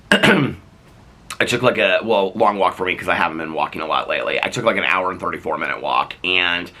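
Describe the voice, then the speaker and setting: A man with a low but forceful, bright-edged voice, talking casually to his camera as a daily vlogger. He rambles from topic to topic, with frequent fillers and restarts in a loose, chatty flow. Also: moderate pace.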